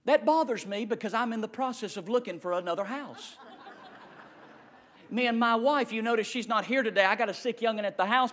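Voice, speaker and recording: A man preaching a sermon as pastor, swinging from shouted declarations to hushed asides. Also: high voice.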